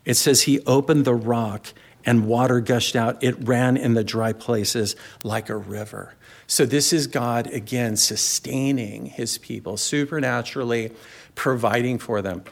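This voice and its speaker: A man pastor delivering a sermon in a conversational, storytelling way, with asides to the congregation. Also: mid-range voice.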